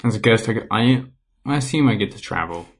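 A man's voice: fairly low pitch, lively intonation, a little fast. A man co-hosting a podcast, chatting casually in a dry, teasing way. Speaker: podcast co-host. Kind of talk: casual chat.

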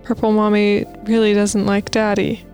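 A woman's voice: mid-range voice, monotone, moderate pace, a little mellow, soft background music. A woman co-hosting a podcast, reading listener stories aloud in a casual, playful way with asides. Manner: reads posts aloud with playful asides and laughs.

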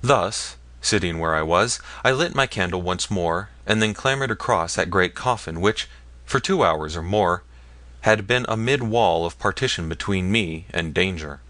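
Male audiobook narrator, low forceful voice, dry close recording, measured storytelling. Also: animated, no echo. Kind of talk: scripted narration.

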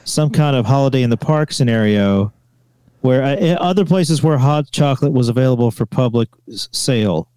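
A man's voice: mid-range voice, animated, moderate pace, warm tone, clean tone, dry recording. A man co-hosting a radio talk show, chatting in an easygoing, dryly agreeable way. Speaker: radio co-host. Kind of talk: casual chat.

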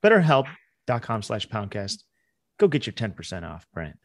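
A man's voice: on the low side, big pitch swings, moderate pace, no room sound. Laid-back male podcast co-host, dry sound. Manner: laid-back, playful ad read. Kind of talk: casual comedic chat.

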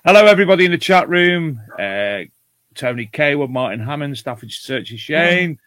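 A man's voice: on the high side, lively intonation, normal speed, fairly bright tone, no echo. A man from England co-hosting a casual detecting chat show, joking with his co-host and reading out chat names. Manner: jokey, banters and reads out chat names.

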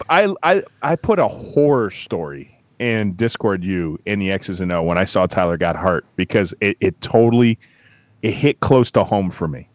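A middle-aged man talking football on a casual show, telling stories in an animated way, swearing freely and getting worked up. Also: lowish voice, no echo. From Florida. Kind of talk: casual sports talk.

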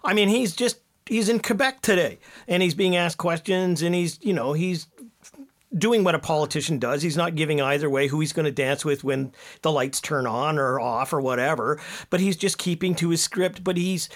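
A man giving animated political commentary as a panelist, stringing his thoughts together with casual fillers. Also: a little high, moderate pace.

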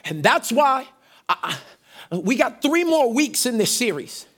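Pastor guy preaching, real high voice swinging all over, shouts back and forth with the crowd. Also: unhurried. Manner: energetic, shouting call-and-response with the congregation. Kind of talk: sermon.

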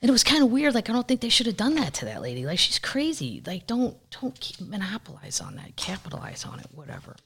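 Rambling, animated comedian woman. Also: mid-range voice, fast talker, creaky, hardly any pauses, slightly rough. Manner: animated, jumps into silly voices and asides; chatty, rambling with fillers and slang. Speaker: comedian podcast host. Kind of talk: casual comedic storytelling.

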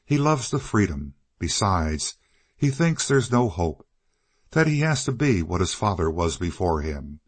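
A man voicing an earnest, passionate young woman for an audiobook, pitching his voice higher and pleading insistently. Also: big pitch swings, a little slow, husky, exaggerated voice.

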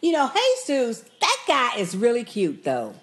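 Lively woman recapping a show. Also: on the high side, moderate pace. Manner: animated storyteller, acts out quotes. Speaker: podcast co-host. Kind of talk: casual TV recap chat.

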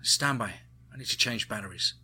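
A man's voice: lowish voice, moderate pace, pushed and bright, slightly rough, soft background music, exaggerated voice. A man voicing a tense female drone operator calling out clipped warnings over military radio comms in a spoken story. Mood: alert. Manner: urgent clipped radio calls.

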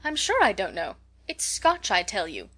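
Lady voicing a bossy teasing schoolgirl, loud and emphatic, kinda mock-grand. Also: medium pitch, huge pitch swings, moderate pace, husky, full character voice. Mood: mock-solemn. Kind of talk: audiobook character voice.

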